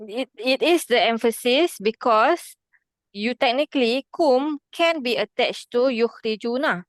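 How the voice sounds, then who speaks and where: A woman's voice: fairly high pitch, animated, a little slow, dry recording. A woman teaching Arabic grammar in an online class, patiently asking students questions and checking they follow. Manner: patient, checks understanding often.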